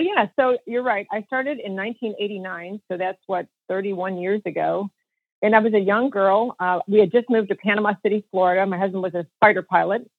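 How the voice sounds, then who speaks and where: A woman in her fifties speaks over a tinny, dry phone line, with a slightly husky voice. She tells her story with energy and acts out the voices of the people in it. A podcast guest looking back on her career. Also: mid-range voice, no room sound. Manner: animated storyteller acting out quotes. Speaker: podcast guest, financial advisor. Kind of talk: storytelling interview answer.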